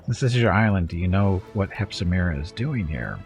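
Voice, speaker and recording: A blunt, skeptical adventurer questions a demon flatly, reading in a deep, dry voice, as a man plays him. Faint music runs underneath. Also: a little fast.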